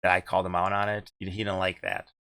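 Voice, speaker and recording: Fast-talking man, bright tense voice. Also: low voice, level tone. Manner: rambling, repeats words, swears casually. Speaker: podcast host and streamer. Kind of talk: casual gaming chat.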